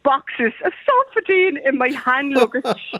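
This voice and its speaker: A woman's voice: high voice, very animated, unhurried, sharp tone, no echo. An Irish woman calling into a radio show, telling a story animatedly and acting out the voices in it. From Ireland. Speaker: radio caller. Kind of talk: phone-in storytelling. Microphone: telephone. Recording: muffled phone line.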